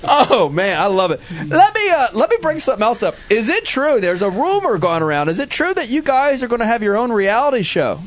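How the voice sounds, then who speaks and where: A man hosting a comedic talk show, teasing his caller in an excitable way. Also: extremely high pitch, brisk, hardly any pauses. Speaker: host. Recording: dull lo-fi audio.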